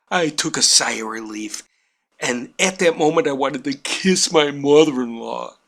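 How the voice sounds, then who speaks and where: With a mid-range, fairly bright voice and an even, measured pace, a painting instructor spins a family anecdote. He plays it for laughs, mocking himself wryly and exaggerating freely.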